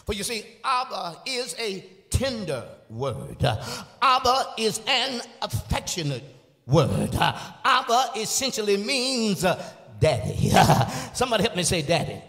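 A man's voice: high-pitched, very animated, gravelly. A male evangelist preaching a sermon, calling on the congregation and stretching out emphatic phrases, with frequent "uh" and "amen". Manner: drawn-out emphatic phrases, rising to shouts. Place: church sanctuary. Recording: live church recording with long hall reverb.

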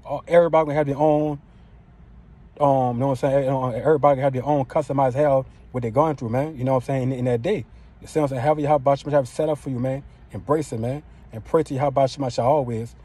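A man's voice: medium pitch, fairly even intonation, fast, dark tone, breathy edge. A man preaching an informal sermon in a profane, street-style way. He keeps throwing in "man" and "you know what I'm saying".

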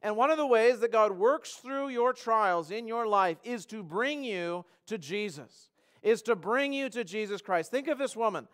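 A male pastor giving a church sermon, earnest, often restarting phrases and slowing down to stress a point. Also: high voice, lively intonation, a bit bright. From Canada. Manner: earnest, repeats words and restarts phrases, slows for emphasis.

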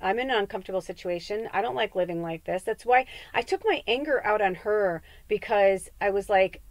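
A woman's voice: medium pitch, fairly quick, no echo. Rambling, candid woman from the Midwest. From American Midwest. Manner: rambling, candid, swears freely. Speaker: psychic medium. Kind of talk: casual spiritual podcast monologue.

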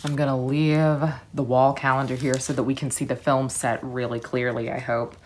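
A woman with a very deep, low-pitched voice narrates an unboxing, softly murmuring and then gushing with delight. A faint hiss sits under the recording. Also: normal speed. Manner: gushing, soft-spoken, drifts between murmurs and excited exclamations. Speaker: vlogger.

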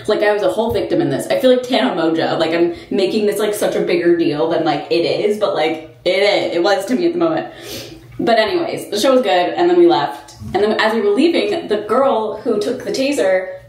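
A woman's voice: medium pitch, fairly quick, a little mellow. Chatty young woman vlogger, echoey room. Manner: chatty, filler-heavy with frequent "like". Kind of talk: casual storytime vlog. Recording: echoey room with faint ambient noise.

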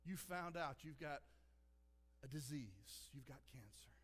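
A pastor preaches a sermon in a church sanctuary, earnest and conversational, repeating "listen" to drive his points home. His husky, mid-range voice is animated, fairly bright, and a little slow, and a long hall reverb trails behind it.

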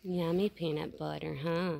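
A woman talking baby talk to a raccoon she is feeding, softly calling and coaxing it at an open door at night. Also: deep voice, steady tone, normal speed, creaky. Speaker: vlogger feeding a wild raccoon. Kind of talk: casual cooing to an animal.

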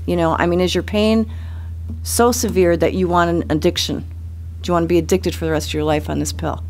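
A man's voice: a little high, steady tone, brisk, vocal fry, a little hiss or hum. A man, a county official, speaking bluntly at a public meeting and pressing pointed rhetorical questions.

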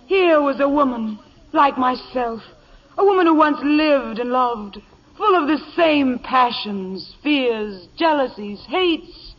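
An actress playing a vain, gushing, melodramatic young stage actress in a 1950s radio play, on a dull vintage broadcast recording. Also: female voice, sits high, animated, slow pace, heavily acted. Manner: gushing, overly theatrical.

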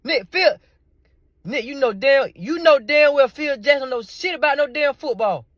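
A man's voice: very high voice, expressive, moderate pace, fairly bright tone. A man, stuttering through repeated words as he curses and pleads in a comic rant. The sound is dry and close, with no room echo. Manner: stammering repeats, heavy cursing, pleading. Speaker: comedian doing a ranting phone call.

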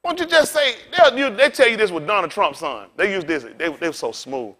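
A man's voice: high-pitched, lively intonation, a little fast, a bit bright. A male pastor preaching a rowdy, colloquial sermon, calling out to his congregation for responses.

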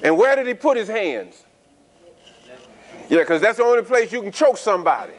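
A man's voice: high voice, expressive, moderate pace. A man preaching a sermon in a conversational style, asking the congregation frequent rhetorical questions and repeating words as he restarts. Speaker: pastor.

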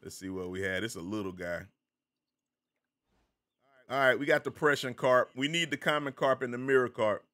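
A man with a Southern American accent hosts a relaxed live stream, greeting viewers by name in a loose, chatty way. His voice is bright and forward, pitched in an ordinary middle range. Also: moderate pace, pauses often. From American South, the Carolinas. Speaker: game streamer.

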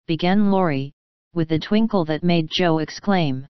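A woman reads a classic story aloud in a calm, measured way. Her voice is low-pitched and exceptionally smooth, recorded close and dry with a slightly muffled, dull tone. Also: dry recording. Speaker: audiobook narrator. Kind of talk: scripted storybook narration.

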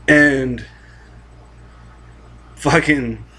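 Young dude rambling about anime, husky voice, swears a ton, lots of like and you know. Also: male voice, mid-range voice, drawn-out words, pushed and bright. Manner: profane, rambling, full of fillers and restarts. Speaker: anime vlogger. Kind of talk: casual rambling review.

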